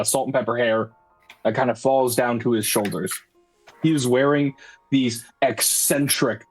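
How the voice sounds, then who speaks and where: A man's voice: medium pitch, a little mellow. Casual male game master narrating. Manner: casual, full of "like" and restarts. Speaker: dungeon master. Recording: faint background music.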